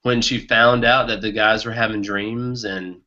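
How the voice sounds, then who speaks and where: A man co-hosting a casual book podcast, talking with excitement and laughing often. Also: on the low side, a little slow. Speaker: podcast co-host. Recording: muffled lo-fi podcast audio.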